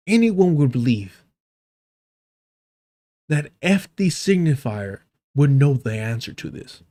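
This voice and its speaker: A man's voice: mid-range voice, big pitch swings, slow pace, pauses often, mellow. A man hosting a livestream, giving sarcastic, profane reaction commentary and talking straight to his chat. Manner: addresses chat directly. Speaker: livestream host.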